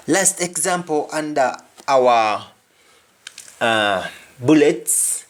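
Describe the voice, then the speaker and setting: A man teaching a language lesson at an unhurried, measured pace, pausing between phrases. He speaks deliberately and says each example twice so it sinks in. His pitch sits in an ordinary middle range for a man. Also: lively intonation.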